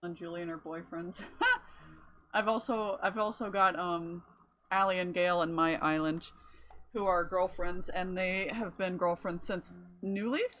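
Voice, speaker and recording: A woman's voice: fairly low pitch, fairly bright tone. Chatty woman streaming a cozy game. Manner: chatty, rambling, casual swearing. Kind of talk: casual gameplay commentary.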